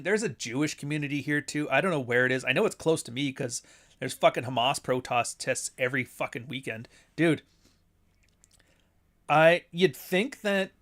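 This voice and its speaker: A man's voice: mid-range voice, a bit bright. A man hosting a casual livestream chat from home, rambling bluntly and swearing often. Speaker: host, author. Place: home near Toronto.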